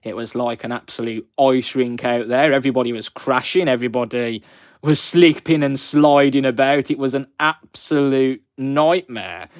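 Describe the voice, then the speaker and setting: A man's voice: medium pitch, normal speed, dry recording, studio quality. A man in his twenties with a Black Country accent, hosting a live stream and chatting with viewers in a friendly, rambling way, with frequent fillers. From West Midlands of England. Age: 20s.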